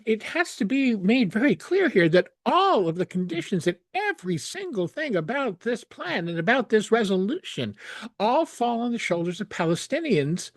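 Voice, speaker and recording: A man's voice: extremely high pitch, dry recording, clean studio sound. A man hosting a news analysis show, giving solo commentary on a document in an indignant, sarcastic and emphatic way with frequent restarts.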